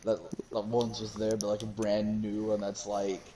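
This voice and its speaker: A man's voice: lowish voice, monotone, normal speed, background noise. A young man in casual voice chat, joking and stumbling over his words. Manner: joking, stumbling, trails off mid-sentence.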